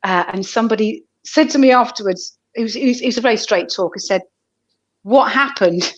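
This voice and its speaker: A woman's voice: a little high, quick pace, muffled recording. A woman comedian, talking earnestly and reflectively in a casual interview, often restarting her sentences. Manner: earnest, faith-minded, with frequent restarts. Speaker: comedian guest.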